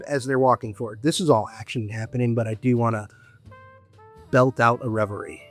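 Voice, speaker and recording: A man chatting as a player in a tabletop game, with quick asides. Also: mid-range voice, steady tone, soft background music.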